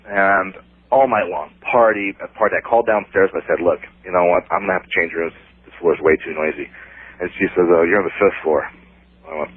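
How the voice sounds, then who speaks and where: A male caller telling a ghost story over the phone, animated and acting out what people said. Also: fairly low pitch. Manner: animated storyteller, acts out dialogue. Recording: husky tinny phone line.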